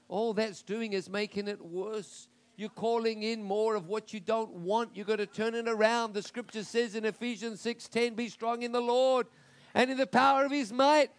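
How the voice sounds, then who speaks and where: Brief: male pastor, high-pitched voice, builds to emphatic declarations. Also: fairly even intonation, moderate pace. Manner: emphatic preaching, rising to declarations. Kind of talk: sermon.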